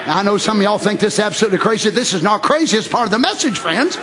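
A man preaching a fervent sermon, repeating phrases and rising to shouts. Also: sits high, expressive, quick pace, hardly any pauses, breathy edge.

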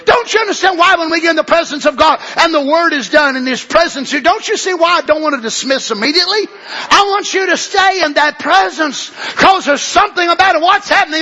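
A man's voice: very high-pitched, bright, forceful tone. An older man preaching a fervent sermon in a church, emphatic and drawn out, with frequent exclamations. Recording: dull lo-fi recording.

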